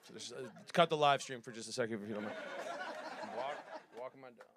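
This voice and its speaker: A man's voice: medium pitch, fairly quick, heavy background noise. Self-mocking male stand-up in his thirties. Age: 30s. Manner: self-deprecating, rambling, laughs at own jokes. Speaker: stand-up comedian. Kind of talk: stand-up comedy set. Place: live comedy stage.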